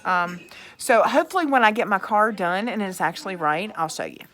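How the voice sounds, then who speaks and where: A woman's voice: mid-range voice, expressive, brisk, a bit bright. A woman, ranting angrily in a vlog, swearing and sarcastic as she reads out her own texts. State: angry. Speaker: vlogger. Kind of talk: angry rant reading out texts.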